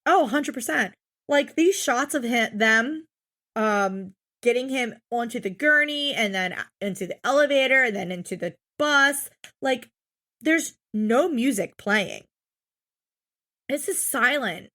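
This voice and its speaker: A woman with a high voice co-hosting a casual podcast. She recaps episodes in an exasperated, profane way and acts out quotes in mock voices. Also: pushed and bright. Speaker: podcast co-host.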